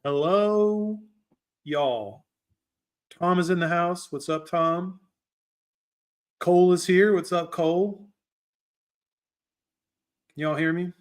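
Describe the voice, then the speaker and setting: Young male streamer host, slightly high voice, relaxed rambling chat with fillers. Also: unhurried, long pauses. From Maryland. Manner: laid-back, greets viewers by name, filler-heavy. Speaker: livestream host. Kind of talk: casual livestream chat.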